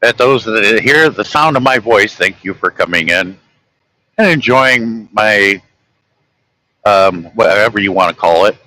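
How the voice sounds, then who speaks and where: A man's voice: on the low side, lively intonation, unhurried, pushed and bright, low-quality recording. A middle-aged man vlogging from his truck, telling rambling, folksy stories and acting out quoted talk. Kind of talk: casual storytelling while driving.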